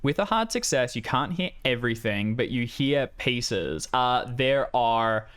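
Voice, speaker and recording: Smooth-voiced male game master, rambling. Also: mid-range voice, lively intonation, measured pace, a bit bright. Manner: casual, rambling with many fillers. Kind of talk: narrating a tabletop game.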